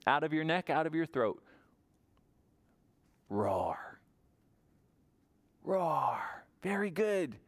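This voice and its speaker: Animated male children's librarian. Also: medium pitch, clear, resonant tone. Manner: animated, sing-song voice for small children. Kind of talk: virtual toddler story time.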